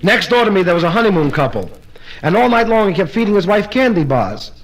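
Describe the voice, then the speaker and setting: Stand-up comedian, man with a high voice, brisk punchline-driven delivery at a live party. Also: sing-song, poor audio. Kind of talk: live stand-up joke telling.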